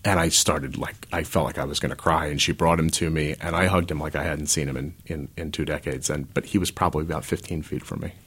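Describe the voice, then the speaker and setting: A man's voice: extremely low pitch, steady tone, quick pace, hardly any pauses, a bit bright, husky. A stay-at-home dad and author in his forties, an interview guest telling personal stories in a candid, rambling way with self-deprecating asides.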